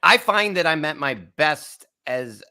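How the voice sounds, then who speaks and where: A man's voice: a little high, lively intonation, unhurried, bright, forceful tone. A man from the United States hosting a wine podcast, talking in an earnest, reflective, casual way and laughing easily. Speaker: wine channel host.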